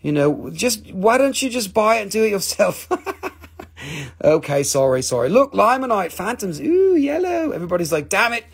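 A man hosting a casual live-stream sale, excitable and joking with viewers, swearing freely. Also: high-pitched, moderate pace, creaky, breathy edge. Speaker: live-stream mineral seller.

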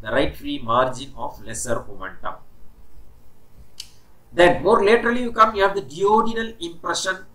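Bright-voiced man giving an anatomy lecture. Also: a little high, moderate pace, pauses often, low-quality recording. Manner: explanatory, repeats key terms, stops and restarts, says "okay" often. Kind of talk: recorded medical lecture.

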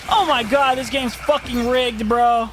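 A young man giving profane, excitable commentary while playing a video game, with game music behind him. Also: sits high, moderate pace, heavy background noise. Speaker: gaming streamer. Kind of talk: let's play commentary.

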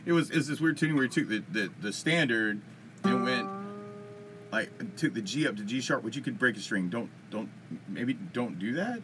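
A man's voice: mid-range voice, lively intonation, moderate pace. A man hosting a casual live-streamed music Q&A, answering chat from his computer in a rambling, upbeat way with lots of fillers. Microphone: computer mic at a desk.

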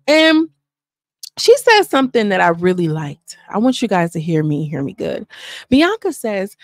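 A woman giving a chatty, sassy recap of a reality show, acting out quotes in high voices. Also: wildly swooping pitch, moderate pace, dry recording, clean studio sound. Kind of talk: casual recap commentary.

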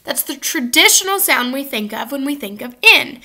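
A woman teaches a children's phonics lesson to the camera in a high, bright voice. She is upbeat and slows down to model each sound clearly for the kids to repeat. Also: animated. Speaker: first grade teacher. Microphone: facing camera at close range.

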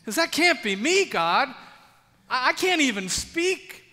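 A jittery young prophet, as a male preacher plays him, high-pitched and stammering. His hesitant protests ring out into a long church reverb. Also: big pitch swings, unhurried, pushed and bright, full character voice. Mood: doubtful. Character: young Jeremiah, a nervous, doubting youth.

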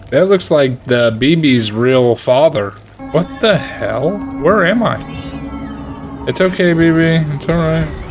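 A man giving casual, excitable, joking commentary while playing a video game. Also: on the high side, takes it slowly, pauses often, music in the background. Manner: excitable, trash-talking, jokey. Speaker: gaming streamer.

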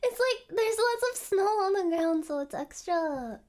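Very high-pitched giggly young woman streamer. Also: lively intonation, normal speed. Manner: giggly, flustered, swears a lot. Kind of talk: casual livestream chat. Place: apartment by an open window. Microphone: headset mic.

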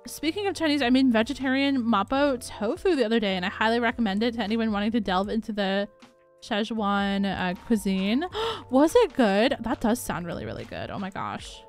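A young woman hosting a relaxed gaming livestream, chatting upbeat and giggly with her viewers and reading their messages. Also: on the high side, moderate pace. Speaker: livestream host. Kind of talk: casual chat while gaming, reading chat. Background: faint background music.

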